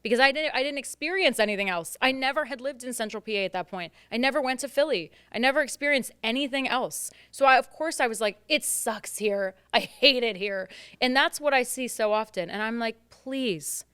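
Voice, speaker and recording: A bubbly young woman chats as a podcast guest and acts out people's lines as she tells stories. Her voice is smooth and clear, recorded close and dry. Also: high-pitched, no room sound. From Western Pennsylvania. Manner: bubbly, animated storyteller, quick to laugh and act out quotes. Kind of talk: casual chat.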